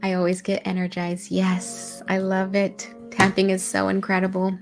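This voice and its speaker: A woman's voice: mid-range voice, completely flat delivery, moderate pace, creaky, soft background music. A woman coaching a live-stream EFT tapping and guided meditation session, speaking in a soothing, encouraging voice.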